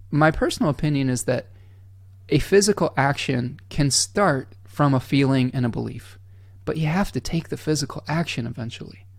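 With a gravelly, mid-range voice recorded clean in the studio and no room sound, this astrology channel host runs a livestream. He's earnest, candid and blunt, dropping mild swears and checking in with his listeners often, and at emotional moments he softens almost to a whisper.

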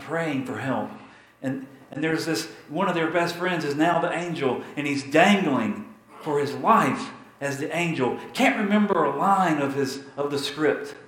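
A man's voice: mid-range voice, a bit bright. Man preaching in an echoey room. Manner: dramatic, repetitive, with emphatic pauses. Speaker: pastor. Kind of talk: sermon storytelling.

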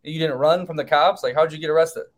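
A male podcast host interrupts to ask probing follow-up questions in a casual way. His voice sits fairly high for a man. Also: quick pace.

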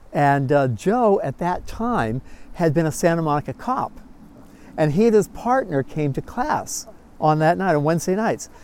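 A man teaching a Bible class, telling stories in a folksy, animated way with frequent chuckles. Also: on the high side. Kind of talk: storytelling Bible lesson.

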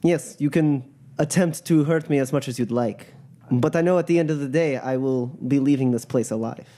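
A man voicing a ruthless male crime boss who is smug and unflinching, speaking in a calm, taunting way. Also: medium pitch, normal speed, pitched above the performer's own voice, lightly acted.

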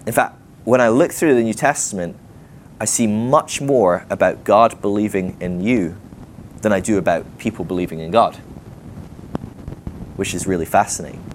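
A man preaching to a live group in a conversational sermon, animated and chatty, with frequent asides and rhetorical questions. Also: lowish voice, normal speed, long pauses, a little hiss or hum. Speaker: guest preacher. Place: teaching session before a live group.

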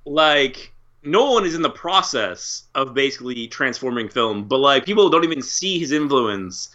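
A man's voice: medium pitch, expressive, moderate pace, sharp tone, highs cut off. A man co-hosting a podcast, rambling through opinions in casual chat and swearing freely. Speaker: podcast co-host.

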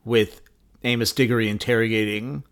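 A man's voice: lowish voice, fairly even intonation, normal speed, fairly bright tone. A man co-hosting a podcast, adding thoughtful points in casual chat. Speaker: podcast co-host.

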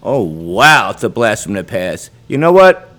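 A man's voice: on the low side, very animated, measured pace, a bit bright, a little hiss or hum. A man answering listener questions in a casual podcast chat, telling stories in a laid-back, drawling way.

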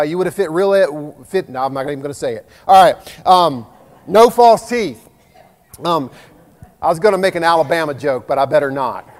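A man, preaching a sermon in a folksy, self-deprecating way with jokes. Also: a little high. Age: 50s. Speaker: pastor. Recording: long hall reverb.

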